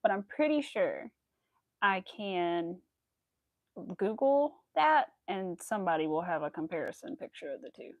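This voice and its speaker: A woman's voice: fairly low pitch, moderate pace, no room sound, muffled recording. Chatty woman crocheting on a livestream. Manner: chatty, rambling, many fillers. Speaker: crochet streamer. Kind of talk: casual livestream chat.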